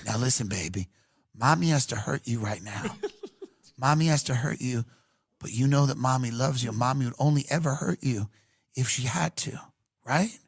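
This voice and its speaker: A man voicing a sinister mother who sweetly coaxes her young daughter, in a soft, falsely tender sing-song. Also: medium pitch, moderate pace, creaky, breathy edge, dry recording, clean studio sound, pitched below the performer's own voice.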